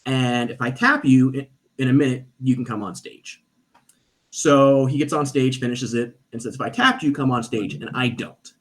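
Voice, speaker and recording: A man's voice: mid-range voice, normal speed. A man, a guest on a podcast, telling a story in casual chat and acting out the voices of the people in it. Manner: animated, acts out quoted voices. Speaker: stage performer.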